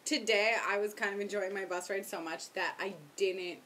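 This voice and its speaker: A young woman chatting casually to her camera at home, rambling and self-mocking, talking loudly with headphones on. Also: mid-range voice, steady tone, normal speed, a little hiss or hum. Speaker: vlogger. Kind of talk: casual chat. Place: home, indoors.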